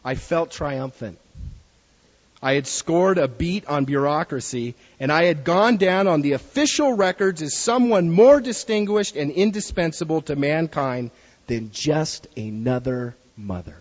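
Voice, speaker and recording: A man's voice: fairly high pitch, lively intonation, a little slow, big-room sound, lo-fi sound. A man preaching a sermon in an earnest way, reading a story aloud to his listeners.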